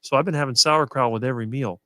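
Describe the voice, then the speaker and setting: Middle-aged male guest, smooth talker with no ums, dry close mic. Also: medium pitch, bright, forceful tone, no room sound. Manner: fluent and quick, few fillers. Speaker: guest on a diet talk show. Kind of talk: casual conversation on a live stream.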